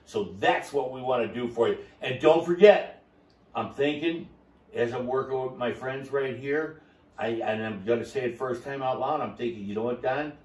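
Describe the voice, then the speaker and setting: A man's voice: mid-range voice, moderate pace, darkish tone, reverberant, distant mic. A man telling his story on a podcast, boisterous and rambling, with a salesman's flourish. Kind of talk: casual chat.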